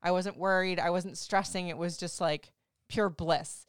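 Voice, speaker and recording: A woman in her forties co-hosting a casual couple chat, animated and teasing, swearing freely. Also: fairly low pitch, measured pace, clear, resonant tone, no room sound, clean studio sound. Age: 40s. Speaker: podcast co-host.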